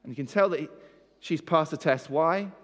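A preacher delivers a sermon in a fairly high voice that rings through a long hall reverb, with faint music behind him. At normal speed, he presses each point with rhetorical questions and emphatic repetition.

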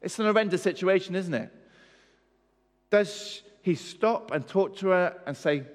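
Male preacher, slightly high voice, emphatic and questioning, church-hall reverb. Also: a little slow. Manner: emphatic, asks the audience questions. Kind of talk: sermon.

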